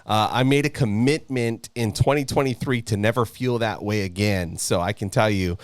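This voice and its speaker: A man co-hosting a podcast, talking in a relaxed, easygoing way with lots of fillers. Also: lowish voice, normal speed, clean tone, no echo. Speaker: podcast co-host. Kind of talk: casual podcast chat.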